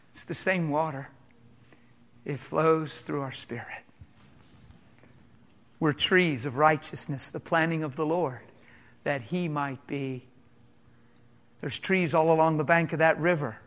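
High-voiced impassioned male preacher. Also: moderate pace. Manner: impassioned, rhetorical questions, shifts between loud and hushed. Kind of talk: sermon.

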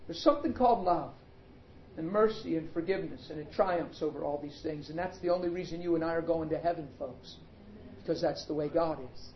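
A man preaching a sermon in an emphatic, animated way, calling out to the congregation. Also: a little high, fairly quick, echoey room, dull audio, a little hiss or hum.

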